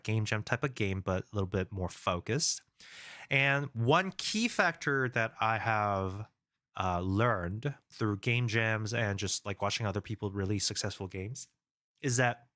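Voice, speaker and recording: A man's voice: fairly low pitch, fairly bright tone, no room sound, clean studio sound. Casual rambling man streaming live. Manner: rambling, reads chat comments aloud, frequent fillers and restarts. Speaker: game developer streamer.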